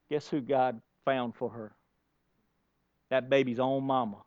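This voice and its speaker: A man preaching a sermon, telling the story in a conversational way and swinging between hushed and loud, emphatic passages. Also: medium pitch, normal speed, no room sound, dull audio. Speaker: pastor. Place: church.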